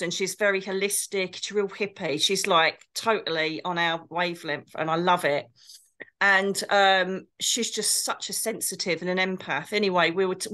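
A woman's voice: fairly low pitch, a bit bright. Chatty woman telling stories. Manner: chatty, rambling, gushing anecdotes. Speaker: co-host and spiritual medium. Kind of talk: casual chat, storytelling.

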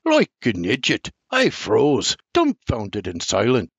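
Older guy, folksy storytelling, very lively voice, dry dull recording. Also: mid-range voice, unhurried, breathy edge, no echo. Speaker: audiobook narrator. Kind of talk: first-person storybook narration. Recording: dry, slightly muffled recording.

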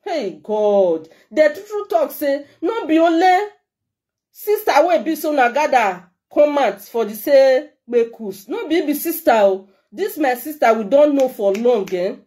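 This middle-aged Nigerian-accented vlogger has a high, animated, warm voice and keeps a measured pace. Looking into the camera, she offers her followers a heartfelt, emotional message.

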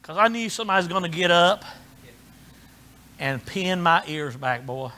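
A middle-aged man preaching a sermon in a folksy way, moving from quiet asides to shouted preaching. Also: sits high, expressive, normal speed. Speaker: pastor.

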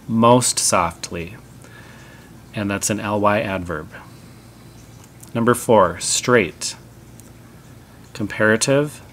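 Slow, deliberate male grammar teacher. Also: lowish voice, fairly bright tone. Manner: slow, deliberate, spelling out each example. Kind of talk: grammar lesson narration.

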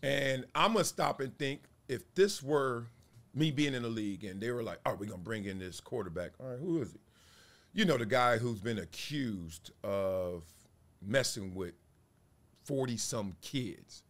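Man, forties, show host, casual commentary, animated, lively pitch. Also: measured pace. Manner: animated, acts out voices and quotes.

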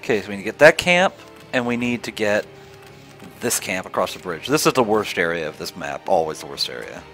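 A man's voice: on the low side, very animated, brisk, a bit bright, soft background music. A man narrating his strategy game run in casual let's play commentary, swearing, trash-talking enemy units and laughing at his own jokes. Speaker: gamer.

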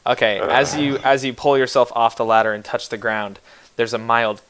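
A man's voice: medium pitch, fairly even intonation, moderate pace, fairly bright tone. A man narrating a tabletop game as game master, casual and joking, often restarting his sentences.

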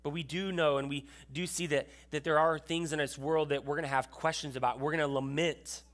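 A man's voice: a little high, fairly even intonation, fairly quick, fairly bright tone. A man pastor giving a sermon in a conversational way, often restarting his sentences and checking in with the congregation. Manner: conversational preaching with frequent restarts and asides to the congregation.

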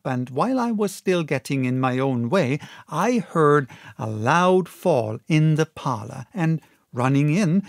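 Slow, measured male audiobook narrator. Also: a little high, vocal fry, no echo, studio quality. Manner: measured, expressive storytelling. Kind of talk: audiobook reading of a classic novel.

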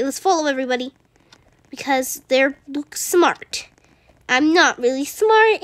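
A woman voicing Fluttershy, a timid gentle young female pony, talking through a video game and gasping at every fright. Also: very high-pitched, dry recording, heavily acted. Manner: easily frightened, gasps and soft exclamations. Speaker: gamer. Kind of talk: playing a video game in character. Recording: constant background noise.

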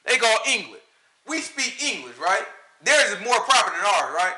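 A man's voice: sits high, big pitch swings, moderate pace, sharp tone. A man with a country Southern American accent giving an informal Sabbath Bible lesson, firing rhetorical questions and often laughing. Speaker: Bible study teacher. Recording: echoey room.

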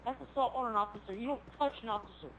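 A woman's voice: on the high side, racing, a crowd in the background, poor audio. A woman playing a swearing, threatening police officer in an improvised game role-play. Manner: bossy, swearing, threatening, shouty.

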